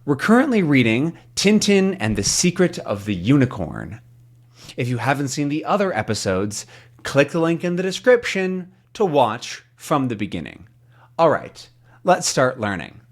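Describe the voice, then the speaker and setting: A man teaching English to learners, reading a comic aloud with slow, clear explanations. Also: medium pitch, big pitch swings.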